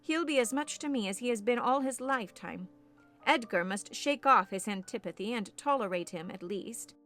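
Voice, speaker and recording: A woman's voice: on the high side, lively intonation, normal speed, a bit bright, soft background music. A woman reading as a passionate, headstrong young woman in an audiobook, speaking in an impassioned, declamatory way. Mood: indignant.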